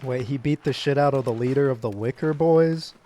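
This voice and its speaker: Fellow roleplayer, man, mid-pitched, playful joker in loose banter. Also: brisk, dark tone, a little hiss or hum. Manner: playful, jokey. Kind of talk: casual in-character chat.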